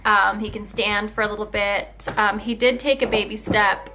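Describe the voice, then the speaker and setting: A woman's voice: mid-range voice, fairly even intonation, normal speed, noisy background. A young woman talking casually to her camera at home about her baby, chatty, with many "um"s. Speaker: mother and vlogger. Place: home, playing with her toddler.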